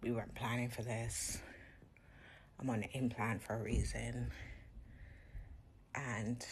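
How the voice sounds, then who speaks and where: A woman's voice: very deep voice, level tone, takes it slowly, slight background noise. A woman in her thirties telling a candid, reflective personal story in a casual vlog at home. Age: 30s. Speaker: vlogger.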